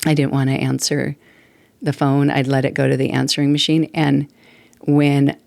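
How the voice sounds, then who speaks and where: A chatty woman in her sixties talks on her own podcast, rambling and laughing as she goes. Her voice has a gravelly fry in it. The recording is dry, with little room sound. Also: a bass voice, flat delivery, normal speed, darkish tone, no room sound. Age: 60s. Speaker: podcast host. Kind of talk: casual solo talk. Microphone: desktop mic at computer.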